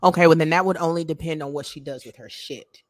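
A woman's voice: sits low, quick pace. A woman co-hosting a podcast in casual chat, blunt and profane, breaking into laughter often. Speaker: podcast co-host.

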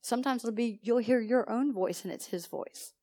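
A woman pastor teaching a sermon to her congregation in an animated, conversational way, often putting questions to the listeners. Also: a little high, normal speed. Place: church service.

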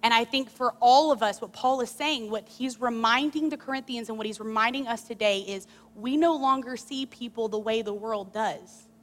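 A woman preaching a sermon, telling a candid personal story in an animated, confessional way. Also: a little high, normal speed, in a large hall.

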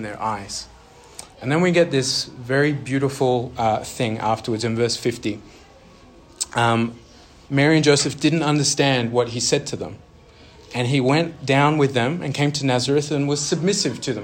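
A man preaching a sermon in a chatty, animated way, often throwing questions at his listeners. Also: medium pitch, slight background noise.

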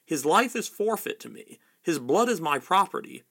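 A man voicing a cold, imperious female witch queen, shrill and demanding. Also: big pitch swings, normal speed, bright, forceful tone, breathy edge, heavily acted. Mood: menacing.

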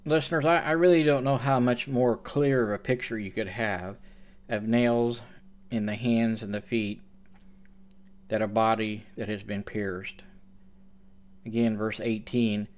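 A man preaching a sermon, reading scripture aloud and explaining it with slow, deliberate emphasis. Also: mid-range voice, expressive.

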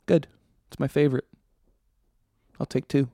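A man's voice: medium pitch, fairly even intonation, moderate pace, very noisy. A man hosting a podcast, delivering a casual comedic monologue in a sardonic, ranting, profane way. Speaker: podcast host.

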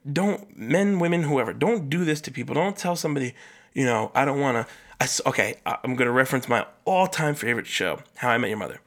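A man hosting a solo podcast, talking in a casual, rambling way with lots of fillers and swearing, and jumping up in pitch for emphasis. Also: fast talker. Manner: animated, jumps up in pitch for emphasis. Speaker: podcast host.

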